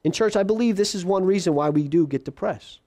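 A male pastor preaching a sermon, acting out quoted voices and dropping to a hush for God's quiet words. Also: quick pace. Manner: drops to a hushed low voice for God's quiet words.

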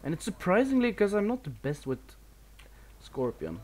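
A man's voice: high-pitched, huge pitch swings, normal speed, darkish tone. A man from Sweden with a Swedish accent, giving casual live commentary over a video game while he plays, a bit nervous, swearing and laughing at himself. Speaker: gameplay commentator.

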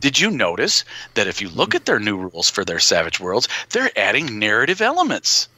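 A man co-hosting a relaxed podcast, his voice low but bright and sharp. He talks in a joking, rambling way, full of restarts, and his pitch swings widely. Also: brisk, dry recording. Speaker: podcast co-host. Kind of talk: casual podcast chat.

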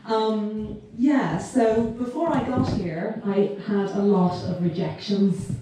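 A woman's voice: medium pitch, takes it slowly, noisy background. A woman speaks to a gathered crowd with a mid-range voice, chatty and self-deprecating, laughing through her words. She sounds distant from the mic in a large, very reverberant hall, and the crowd can be heard around her. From Ireland. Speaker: debut author giving a launch speech. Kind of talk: emotional, chatty speech to a crowd. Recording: very echoey hall, voice far from the mic, crowd in the background.

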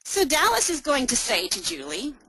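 A woman presenting a webinar, walking listeners step by step through a software demo in an upbeat, explaining manner. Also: high-pitched, huge pitch swings, moderate pace, slightly rough, no echo, low-quality recording.

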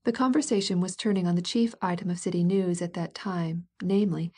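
Woman audiobook narrator, measured classic-novel reading, warm husky tone. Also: on the low side, fairly even intonation.

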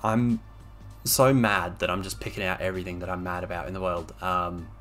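A man's voice: low voice, fairly even intonation, fairly quick, fairly bright tone, faint music behind. Exasperated man ranting over gameplay. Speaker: game streamer. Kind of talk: frustrated gameplay commentary. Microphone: desk microphone.

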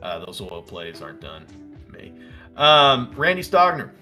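Brief: male livestream host, Southern American accent, bright, forward voice, chatty market commentary over faint music. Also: deep voice, slow. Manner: excitable, reads out tickers and prices, answers chat. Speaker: stock trading livestream host. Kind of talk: casual live market commentary.

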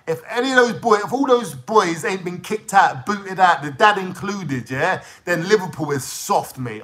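A young London man with a London accent holds forth in an angry, swear-filled rant to his channel's viewers. His voice sits high for a man and comes out sharp and tense. He talks in street slang and keeps pressing his point. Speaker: YouTuber ranting to viewers. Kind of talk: heated monologue.

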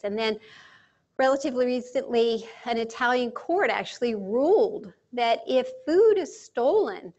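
A woman leading a guided mindfulness talk, speaking calmly and slowly with deliberate pauses. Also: on the high side. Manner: calm, slow and measured, with deliberate pauses. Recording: dull lo-fi sound with faint music.

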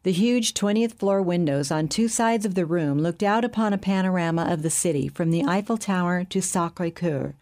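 In a steady, measured reading, a woman with a fairly low pitch delivers scripted audiobook narration.

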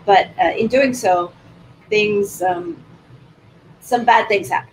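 A woman author talks through her book in a thoughtful, explanatory manner, pausing now and then to restart a thought. Her voice sits at a middle pitch, and a faint background noise runs beneath it. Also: low-quality recording. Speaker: author guest. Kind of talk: conversational interview answers.

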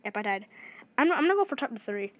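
A woman giving excited gameplay commentary, talking fast and restarting her sentences often. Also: sits high, dry recording. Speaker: gaming video creator.

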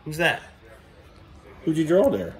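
A man's voice: a little high, big pitch swings, a little slow. A man in his thirties, a father filming a casual family vlog at home, teasing and coaxing his young kids. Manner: playful teasing dad, coaxing and praising kids.

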